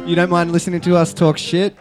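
Joking Australian man on stage. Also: sits high. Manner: laid-back, joking, laughs often. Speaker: band member. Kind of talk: stage banter between songs. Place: festival stage.

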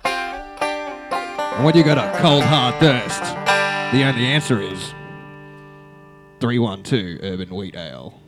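A man mimicking a gruff Australian beer-ad announcer. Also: medium pitch, very animated, slow pace, pauses often, over loud music. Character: deep-voiced gruff male beer ad announcer.

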